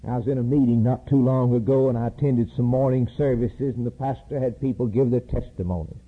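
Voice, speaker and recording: A man preaching a fiery sermon, pleading with his listeners and rising to loud emphatic peaks. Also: medium pitch, fairly even intonation, brisk, slightly rough. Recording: tinny phone-like old sermon tape.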